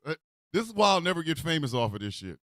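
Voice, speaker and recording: Casting: high, bright, animated man hosting a comedy radio rant, dry sound. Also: quick pace, no echo. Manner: excitable, swearing, shouts often. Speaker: radio show host.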